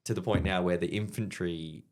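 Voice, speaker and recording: A man in his thirties with an Australian accent, telling profane, animated stories in casual chat as a guest comedian. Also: sits low, normal speed.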